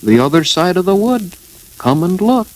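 Little scared piglet, squeaky high voice, talks fast , a man doing it. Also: very animated, darkish tone, poor audio. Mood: nervous. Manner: squeaky, quick, nervous. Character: tiny timid young piglet, nervous.

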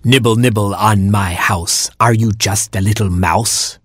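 A huge, bossy old female porcupine from a storybook, short-tempered and wheedling, voiced by a man. Her voice is low and husky, scolding the little trespassers, and sounds dry and close. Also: steady tone, a little slow, no echo. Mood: gruff.

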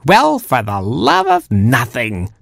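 A man voicing a greedy old female porcupine who drawls, gloats and snaps, with a husky, dry sound. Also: mid-range voice, big pitch swings, fairly bright tone, dry recording, heavily acted. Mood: greedy scheming. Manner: gloating, drawn-out, snappish.

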